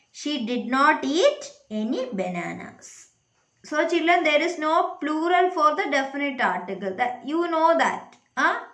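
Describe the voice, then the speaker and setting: A woman's voice: high voice, pushed and bright, reverberant. A woman teaching an English grammar lesson to children, asking questions and checking with the class.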